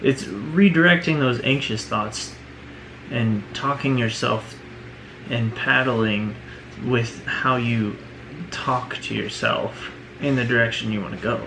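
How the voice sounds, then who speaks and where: Slow, earnest man with a gravelly voice. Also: mid-range voice, background noise. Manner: earnest, full of "you know" and "right?". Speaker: vlogger. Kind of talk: personal reflective monologue.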